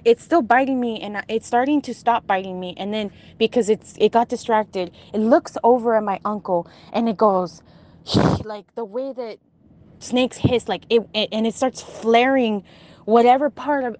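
A woman's voice: a little high, darkish tone. Woman casually retelling a vivid dream. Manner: halting, full of restarts and asides. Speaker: storyteller.

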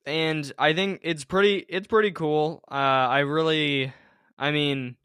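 Bright, crisp-voiced joking young podcast host. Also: male voice, on the high side, fairly even intonation, a little slow, dry recording, studio quality. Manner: joking, bantering, laughs often. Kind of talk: casual chat.

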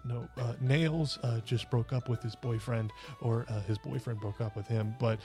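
Brief: man playing an awkward bookish half-orc, halting and slightly raised voice. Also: on the high side, faint music behind, natural voice. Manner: stammering, apologetic. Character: shy nerdy male half-orc, awkward.

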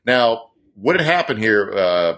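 A man's voice: on the low side, very animated, measured pace, a bit bright. A man co-hosting a podcast, giving casual, profane and sarcastic political commentary. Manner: profane, sarcastic, rambling with fillers. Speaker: podcast co-host.

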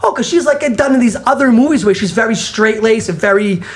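A man co-hosting a casual podcast chat, talking in an animated way, swearing and acting out quotes. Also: very high voice, a little fast. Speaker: podcast co-host.

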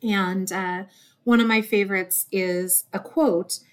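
A woman's voice: medium pitch, fairly even intonation, takes it slowly. Earnest woman rambling from the heart. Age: adult with a desk job. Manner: warm, earnest, easily moved to tears. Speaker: podcast host.

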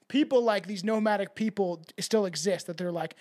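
Hosting a podcast outro, a man chats casually in a high voice at a quick clip with hardly any pauses. He swears often, laughs, and drifts into rambling asides.

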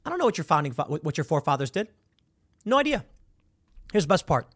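A male commentary host with a somewhat high voice that swings up and down all the time. He talks with mocking sarcasm in a dry, close recording. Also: very animated, fast, dry recording. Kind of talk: opinion commentary on a viral video.

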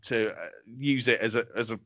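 A man's voice: mid-range voice, a little fast, noisy background. A man co-hosting a comedy podcast, ranting in an exasperated, sweary way. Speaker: podcast co-host. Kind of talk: casual comedy podcast banter.

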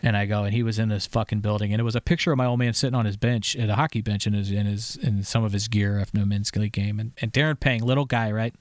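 A man's voice: fairly low pitch, steady tone, fast talker, few pauses, a little mellow, no echo. A man in his thirties from St. Louis, hosting a podcast and telling a story in a rambling, profane, emphatic way full of restarts. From St. Louis, USA. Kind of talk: casual storytelling chat.

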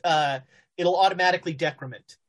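A woman narrating as game master of a tabletop horror game, halting often with fillers. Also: on the low side.

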